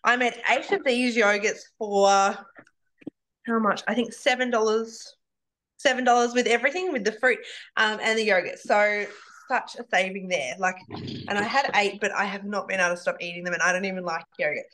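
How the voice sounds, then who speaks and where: Bright-voiced woman, casual rambling cooking presenter. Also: mid-range voice, steady tone, moderate pace. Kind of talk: live online cooking demo.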